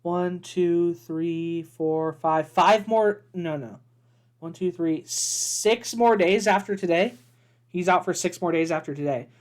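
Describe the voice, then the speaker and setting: A man's voice: sits high, takes it slowly. A man co-hosting a sports podcast, chatting casually, teasing and laughing easily. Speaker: podcast co-host.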